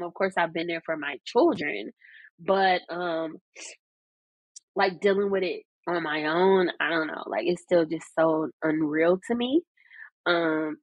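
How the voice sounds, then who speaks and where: A woman's voice: fairly low pitch, no room sound, lo-fi sound. A woman co-hosting a podcast, telling personal stories in a candid, heartfelt casual chat, full of fillers like "um" and "like". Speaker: podcast co-host.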